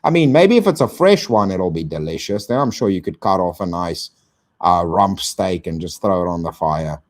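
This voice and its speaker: Low-voiced, slangy man streaming live. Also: animated, moderate pace, a little mellow. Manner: slangy, swears, thanks chat donors. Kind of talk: casual live-stream chat.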